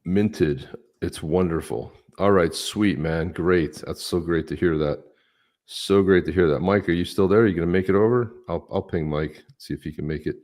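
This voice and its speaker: A man's voice: sits low, moderate pace, darkish tone. A man co-hosting a live stream, chatting casually and upbeat, greeting viewers by name. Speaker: podcast co-host.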